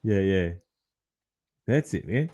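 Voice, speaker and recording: A man's voice: sits low, expressive, takes it slowly, a little mellow, no echo. A man with an Australian accent hosting a casual podcast interview, laid-back and full of crude slang. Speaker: podcast host.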